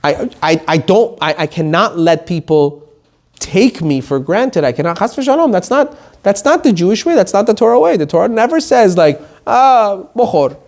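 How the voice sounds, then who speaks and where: A rabbi giving an animated Torah lesson, reading quotes and explaining them in plain English. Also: male voice, high voice, moderate pace.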